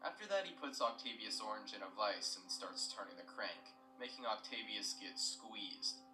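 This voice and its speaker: A man's voice: on the low side, expressive, moderate pace, bright, forceful tone, reverberant, far from the mic, faint music behind, low-quality recording. A young man retelling a story in scripted narration, plain and matter-of-fact with asides.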